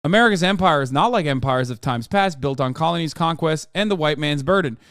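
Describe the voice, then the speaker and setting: A man's voice: a little high, smooth, no room sound, studio quality. A man hosting a live stream who reads articles aloud and breaks into profane, sarcastic rants. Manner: fast, flat reading of quoted text. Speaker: streamer host.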